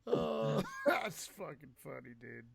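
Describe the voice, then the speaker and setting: Slow, gravelly, lively-pitched male co-host. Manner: short agreeing interjections and laughs. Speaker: podcast co-host. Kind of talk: casual chat, brief reactions.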